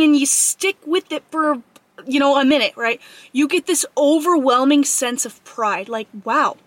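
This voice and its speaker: A woman's voice: sits high, fairly bright tone, no room sound. A young woman giving an earnest, emphatic motivational talk to camera as a fitness vlogger. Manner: earnest, emphatic, acts out an inner voice in quick asides.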